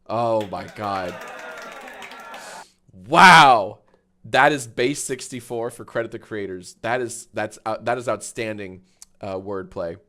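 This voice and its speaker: A man in his thirties chatting casually on a live stream, swearing freely and breaking into high laughter. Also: fairly bright tone.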